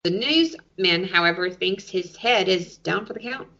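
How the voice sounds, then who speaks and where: A woman's voice: lowish voice, measured pace, sharp tone, dull audio. A woman co-hosting a podcast, casually recapping TV episodes and explaining each sketch step by step. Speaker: podcast co-host.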